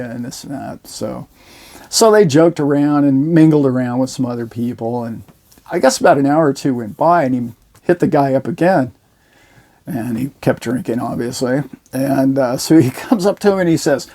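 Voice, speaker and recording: Speaking at normal speed in a mid-range voice, a male host animatedly recounts a story for his viewers, voicing the quoted dialogue of each person in it.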